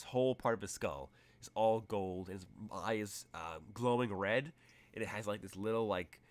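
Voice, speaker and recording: A man's voice: on the low side, fairly bright tone. A man narrating as game master in a tabletop role-playing game, rambling through vivid, detailed scene descriptions.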